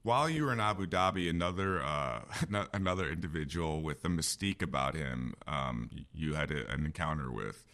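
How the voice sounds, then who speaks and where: A man hosting an interview, asking halting, rambling questions with many fillers and easy laughs. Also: very deep voice, lively intonation, a bit bright. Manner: halting, many "um" and repeated words, laughs easily. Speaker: podcast host, interviewer.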